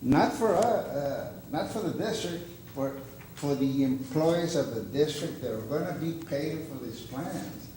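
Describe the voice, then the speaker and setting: A man with a mellow, dark voice argues his case at a board meeting. He speaks insistently, with halting restarts. The room is echoey and a faint ambient hum runs underneath. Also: on the high side, lively intonation. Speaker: public commenter at a board meeting. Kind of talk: public comment at a board meeting.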